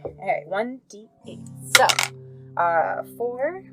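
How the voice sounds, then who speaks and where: A woman's voice: mid-range voice, sing-song, takes it slowly, over loud music. A woman playing a tabletop game, talking casually and often laughing. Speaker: player.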